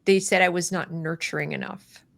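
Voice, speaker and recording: A woman's voice: fairly low pitch, moderate pace, gravelly, dry recording. A woman hosting a podcast, telling a story in a casual conversational way, laughing often and acting out what others said. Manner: animated, laughs often, acts out quotes. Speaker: podcast host.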